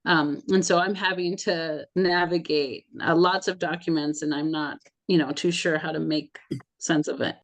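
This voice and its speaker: A woman's voice: low voice, steady tone, normal speed. Earnest woman guest on a video call. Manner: earnest, hesitant, with frequent fillers. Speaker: interview guest, community advocate. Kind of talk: casual video call conversation.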